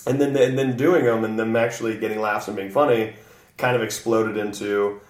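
Laid-back comedian, low voice, echoey room. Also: male voice, fairly quick. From American South. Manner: relaxed, rambling, laughs often. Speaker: guest comedian. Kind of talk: casual podcast conversation. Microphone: far from mic. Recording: echoey room, distant mic.

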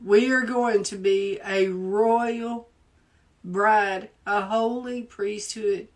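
A woman's voice: medium pitch, steady tone, extremely slow. A woman with a Southern accent, a preacher leading a fervent live prayer, repeating phrases for emphasis and holding back tears. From Southern United States. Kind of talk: live prayer and prophetic exhortation.

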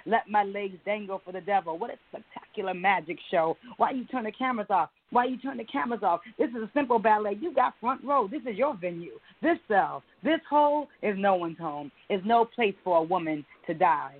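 A woman's voice: mid-range voice, brisk, hardly any pauses. Woman poet over a tinny phone line. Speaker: poet and interview guest. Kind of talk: spoken-word poetry reading, then casual interview talk.

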